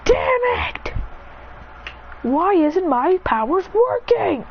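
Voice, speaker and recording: A woman's voice: sits high, wildly swooping pitch, a little slow, dull audio, noisy background, voice pushed up, full character voice. Woman voicing a frustrated, swearing young fire-wielder. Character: hot-tempered young man with fire powers.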